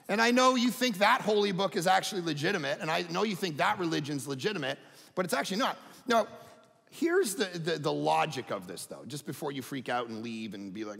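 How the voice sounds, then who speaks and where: A middle-aged man, a pastor preaching a sermon, animated and emphatic, dropping to quiet asides. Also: brisk, creaky. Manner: animated, swings from loud emphatic highs to low quiet asides. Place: large church hall. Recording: long hall reverb.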